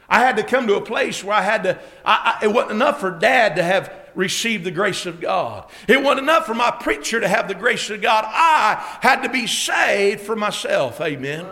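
A man preaching a sermon at a Bible conference, telling a story and building to emphatic shouts with frequent amens. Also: high-pitched. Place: church conference hall.

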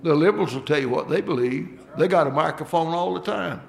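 A man's voice: on the high side, brisk, creaky. A man preaching a sermon, folksy and emphatic, calling out for amens from the congregation.

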